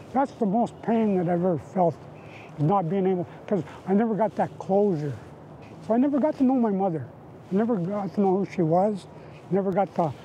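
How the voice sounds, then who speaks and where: Man, high voice, mellow tone, testimony, present-tense retelling, repeating phrases. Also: slight background noise, rough recording. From Canada. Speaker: residential school survivor. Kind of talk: personal testimony in a documentary interview.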